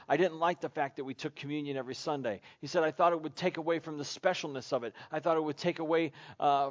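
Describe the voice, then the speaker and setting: A man's voice: fairly high pitch, muffled recording. A man preaching a sermon as pastor, building with repeated phrases in a fervent preaching cadence. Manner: impassioned, repetitive preaching cadence.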